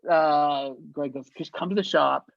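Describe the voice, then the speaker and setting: A man telling show-business stories as an interview guest, in a lively way, acting out the voices he quotes. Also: fairly high pitch, a little slow, creaky, dry recording. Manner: animated anecdotes, acts out quoted voices, laughs often. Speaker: guest, actor and effects artist. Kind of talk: casual storytelling interview. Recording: dull, lo-fi sound.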